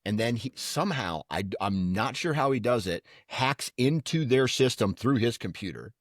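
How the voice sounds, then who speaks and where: A man's voice: medium pitch, expressive, normal speed, no echo, studio quality. A man co-hosting a podcast, telling stories in casual chat and slipping into silly voices. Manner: storytelling with put-on voices and laughter. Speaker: podcast co-host.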